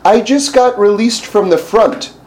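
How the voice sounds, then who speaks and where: A man's voice: sits high, unhurried, a little mellow, voice pushed up. A man voicing a blunt male officer just back from the war, in a raised, emphatic storytelling voice. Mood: eager.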